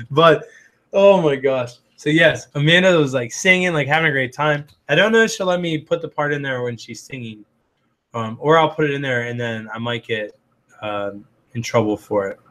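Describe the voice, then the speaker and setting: A raspy-voiced man hosts a loose livestream at an average male pitch. He rambles through his thoughts, filling the gaps with "um" and "like", and answers viewer comments as they come in. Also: moderate pace, fairly bright tone. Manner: rambling, heavy on "um" and "like". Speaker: livestream host. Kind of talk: casual livestream chat.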